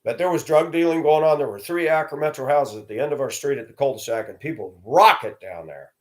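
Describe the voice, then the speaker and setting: A man's voice: on the high side, brisk. Blunt, plainspoken middle-aged man. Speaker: storyteller host. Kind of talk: personal storytelling monologue.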